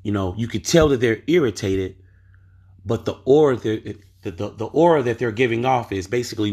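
A man's voice: lowish voice, fairly quick, darkish tone, slightly rough. A man hosting a podcast, telling a story in a casual monologue and pressing his point with rhetorical questions. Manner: emphatic, asks rhetorical questions. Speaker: podcast host.

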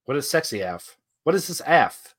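This podcast co-host is a young man from the New Jersey or New York area, and his accent shows it. He talks at a normal speed in a fairly high, sing-song voice with a breathy edge, keeping the banter loose, jokey, and full of profanity.

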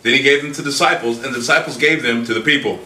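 A man preaching a sermon in an animated way, acting out scripture in dramatic voices. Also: medium pitch, racing. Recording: echoey room from far off with faint ambience.

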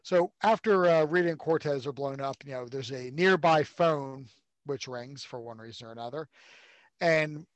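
A man's voice: medium pitch, moderate pace, dry recording, muffled recording. A man co-hosting a casual movie podcast, rambling and sarcastic, swearing freely. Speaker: podcast co-host.

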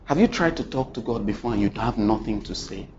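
A man preaches a sermon in an animated, fairly quick voice that leaps up and down in pitch and loudness as he tells a story. He keeps turning to the congregation with questions and repeated lines. The dull, lo-fi recording has faint ambience and a little hiss or hum.

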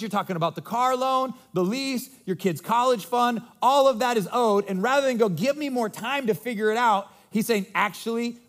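High-voiced, conversational male pastor. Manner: conversational, animated storytelling with quips. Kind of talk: sermon.

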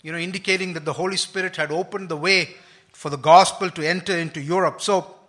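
A man preaching a sermon, explaining scripture in an unhurried, thoughtful way with frequent pauses and restarts. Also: sits high, steady tone, fairly bright tone.

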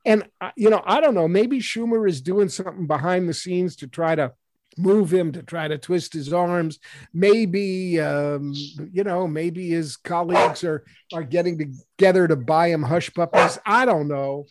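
Exasperated high-voiced male commentator. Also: moderate pace, dry recording, clean studio sound. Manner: exasperated, repeats himself with frequent restarts. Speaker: political commentator. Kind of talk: political panel discussion.

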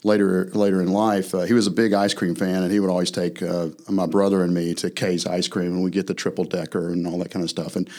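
A man chatting casually as a guest, telling relaxed stories about his father. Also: low-pitched, fast, few pauses. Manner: relaxed storytelling, laughs easily. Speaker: guest, son of the radio host. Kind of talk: casual conversation.

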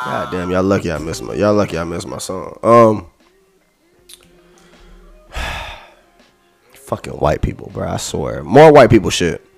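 A man's voice: sits low, big pitch swings, a little slow, creaky, pauses often, faint music behind. A man hosting a podcast, ranting heatedly and profanely, repeating himself. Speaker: podcast host.

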